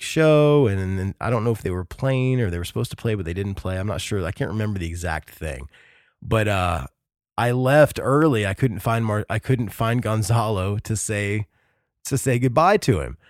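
A man's voice: fairly low pitch, expressive, normal speed, dry recording, clean studio sound. A man hosting a podcast in casual chat, enthusiastic and rambling, with many fillers and restarts. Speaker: podcast host.

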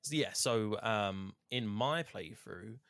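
A man's voice: lowish voice, takes it slowly, creaky, fairly bright tone, no room sound, studio quality. A man chatting casually about a video game, retelling scenes in a rambling way.

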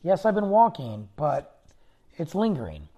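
Husky-voiced man telling a rambling story. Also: a little high, measured pace, highs cut off. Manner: rambling, animated anecdote-telling with fillers. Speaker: podcast host. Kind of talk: casual storytelling.

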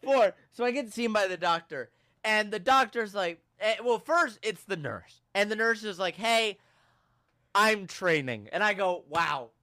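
A man hosting a podcast, telling a story casually and acting out the people in it with shouts and laughs. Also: sits high, measured pace, no room sound. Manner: animated, acts out quoted people with shouts and laughs. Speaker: podcast host.

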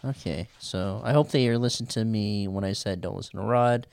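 A man's voice: lowish voice, brisk, gravelly, a little mellow, clean tone, dry recording. A man co-hosting a podcast, making sarcastic, joking asides in casual chat. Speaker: podcast co-host.

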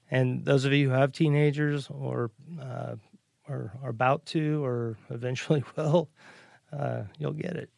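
Gravelly middle-aged man, earnest. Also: medium pitch, steady tone, measured pace, a little mellow, no echo, clean studio sound. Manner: earnest, hesitant, many ums and restarts. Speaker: podcast co-host. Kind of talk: casual podcast chat.

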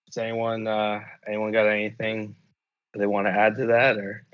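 A man's voice: lowish voice, level tone, moderate pace, highs cut off. A man telling a rambling, profane story in casual chat, full of fillers and restarts. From United States.

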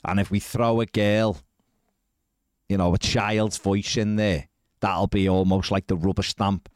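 Male podcast host, lowish voice, dry close sound, sardonic reader. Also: steady tone, unhurried, no room sound. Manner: wry, incredulous asides while reading. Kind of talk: casual podcast chat, reading out news stories.

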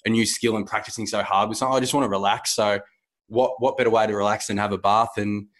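An Australian man co-hosting a casual podcast. He talks fast and loosely, filling his sentences with fillers and restarts. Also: fairly low pitch, fairly bright tone. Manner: rambling, with many fillers and restarts. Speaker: podcast co-host. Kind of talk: casual chat.

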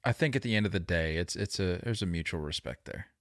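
A man co-hosting a sports podcast, chatting casually with animated, opinionated banter. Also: sits low, fast talker, no echo, studio quality. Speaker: podcast co-host. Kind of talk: casual chat.

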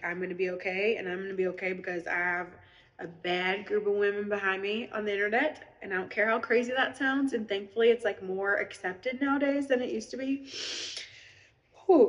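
A woman's voice: mid-range voice, big-room sound. A woman pours her heart out on a livestream, tearful and rambling. She turns earnest and preachy as she talks to her followers. The phone audio sounds a touch dull. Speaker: online seller on a live video. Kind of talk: emotional livestream monologue.

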